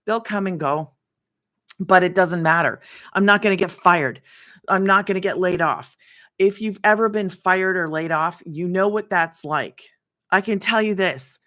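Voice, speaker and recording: A woman's voice: fairly low pitch, unhurried, fairly bright tone. A middle-aged woman hosting a casual livestream from her home, talking in a chatty, emphatic way and often repeating herself for emphasis. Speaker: livestream host. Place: home, children in nearby room.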